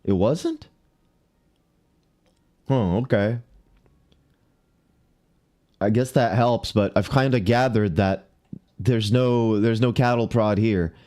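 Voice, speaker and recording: A man's voice: fairly low pitch, slow, pauses often, warm tone. A man livestreaming a game, talking to himself and greeting viewers, mildly exasperated as he searches around. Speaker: streamer. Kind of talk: casual live game commentary.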